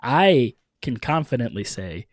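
A man's voice: mid-range voice, very animated, a little slow, no echo, studio quality. A man hosting a casual podcast chat, laid-back and joking as he leads the segments. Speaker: podcast host.

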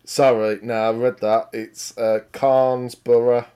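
A man's voice: mid-range voice, flat delivery, takes it slowly, dark tone, clean tone. A man with a British accent co-hosting a podcast, bantering casually in a teasing, slangy way. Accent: British English. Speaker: podcast co-host.

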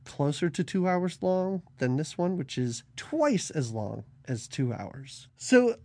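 A man's voice: on the high side, very animated, slow, darkish tone, dry recording. A man co-hosting a podcast, chatting casually about a film, laughing often and jumping between topics. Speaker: podcast co-host. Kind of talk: casual film review chat.

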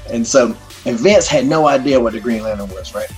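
A middle-aged man telling stories as a guest in a casual interview, animated and full of profanity. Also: mid-range voice, fairly quick, soft background music.

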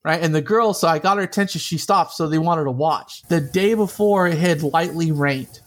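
A man with a slightly high voice tells a personal story as an interview guest. He is lively and laughs easily. He acts out the voices of the people in the story. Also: moderate pace.

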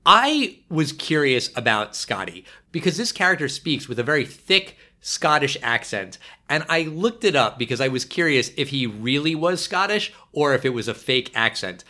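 A man chatting on a podcast in a bright, forward voice. He talks in an animated, wry way, full of casual fillers. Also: medium pitch, normal speed, few pauses. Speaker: podcast co-host.

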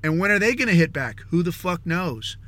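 Man, podcast host, casual rant, bright tense voice, fairly high, heavy swearing, rambling. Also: big pitch swings. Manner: profane, rambling, peppered with "dude" and "man"; acts out others in quick mocking asides.

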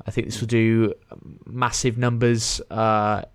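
A man's voice: lowish voice, flat delivery, takes it slowly, smooth, no room sound. A man co-hosting a gaming podcast, chatting casually and rambling with fillers and restarts. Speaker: podcast co-host. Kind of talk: casual chat.

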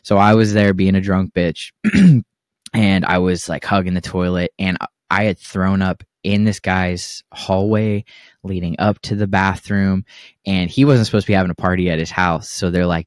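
A man's voice: deep voice, fairly even intonation, a little fast, no echo, studio quality. A man in his thirties co-hosting a podcast, telling rambling, profane stories and laughing often. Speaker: podcast co-host. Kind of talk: casual podcast chat.

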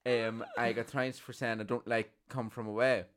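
A man's voice: mid-range voice, flat delivery, normal speed. A man co-hosting a podcast, chatting casually with swearing and joking asides. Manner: banter with jokey put-on voices and swearing. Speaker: podcast co-host. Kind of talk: casual chat.

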